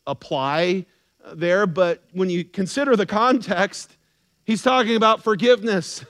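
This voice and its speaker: A man preaching a sermon in an earnest, conversational way, often dropping his voice low for emphasis.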